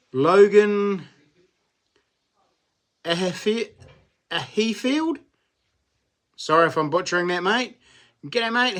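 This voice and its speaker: Man, New Zealand accent, middle-aged, fairly high voice, matey live-stream host, chatty, laughs a lot. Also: vocal fry, a bit bright. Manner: chatty and matey, greets viewers by name, laughs often. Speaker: livestream host. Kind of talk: casual live-stream chat.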